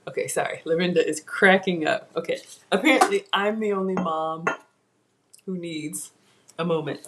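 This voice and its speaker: A woman's voice: on the low side, normal speed, very noisy. A woman hosting a live home cooking class, chatty and self-teasing as she talks to viewers from her kitchen. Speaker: cooking show host.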